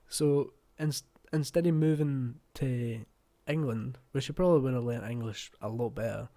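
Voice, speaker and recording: A young Scottish man with an east Scottish accent hosts reaction videos in a warm, mid-range voice. His commentary is blunt and chatty, with casual swearing.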